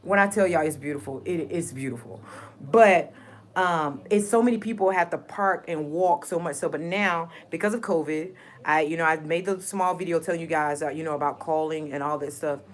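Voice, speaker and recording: Lady talking to her viewers, heartfelt, rambles and repeats herself, lowish voice. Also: normal speed. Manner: heartfelt, rambling, emphatic repetition. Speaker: vlogger. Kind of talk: casual personal vlog.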